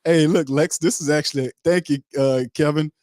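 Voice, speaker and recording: A man's voice: a little high, fairly even intonation, normal speed, darkish tone, no room sound, clean studio sound. A man hosting a casual sports talk show, talking in a loose, emphatic, slangy way with many restarts. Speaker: podcast host.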